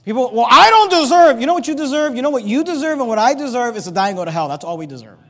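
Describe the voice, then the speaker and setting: A man preaching a sermon in a church, reading scripture aloud and acting out the characters with animated emphasis. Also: extremely high pitch, rapid-fire, in a large hall. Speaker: pastor.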